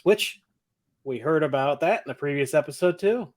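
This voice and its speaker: A male podcast co-host recapping a TV episode in casual chat, loose and quick to laugh. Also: a little high. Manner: laughs often, loose and chatty.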